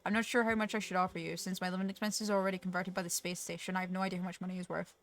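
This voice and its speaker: A woman's voice: fairly low pitch, flat delivery, rapid-fire, fairly bright tone. A woman reading the lines of a polite young male station staffer from a game in her own voice. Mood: earnest.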